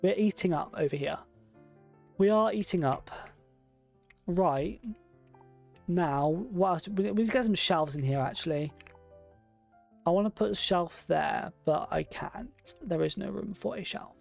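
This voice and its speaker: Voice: medium pitch, measured pace, creaky, pauses often, darkish tone, faint music behind. A game streamer, chatting casually and thinking aloud while decorating a room in a game. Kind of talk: casual gameplay commentary.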